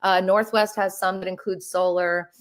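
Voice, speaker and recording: A woman's voice: mid-range voice, flat delivery, normal speed. A woman in her thirties hosting a live Q&A stream from home, chatty and bubbly, with lots of fillers and restarts. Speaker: real estate agent and host. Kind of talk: live stream Q&A, casual chat.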